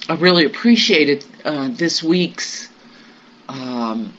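A group member speaks slowly and haltingly, sharing personal news in a meditation circle. The talk is reflective, full of pauses and fillers. The recording sounds muffled, with a faint hiss behind it. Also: medium pitch, a bit bright.

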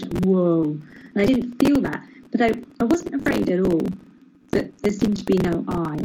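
A woman sharing her meditation experience in a reflective, searching way, often pausing and restarting. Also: lowish voice. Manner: reflective and searching, many hesitations. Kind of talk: personal sharing about meditation practice. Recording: noisy recording with clicks.

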